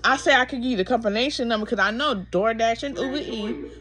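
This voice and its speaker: A woman's voice: on the high side, quick pace, a bit bright. A woman vlogging a frustrated, rambling rant while drowsy from pain pills. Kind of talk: casual ranting to camera.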